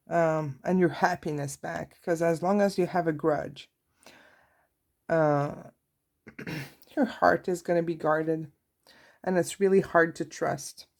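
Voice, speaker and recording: A woman giving a tarot reading, talking softly and slowly as she reads out card messages to her viewers. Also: fairly low pitch. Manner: soft, warm-hearted, reads card messages aloud. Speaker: tarot reader. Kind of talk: slow, intimate tarot reading.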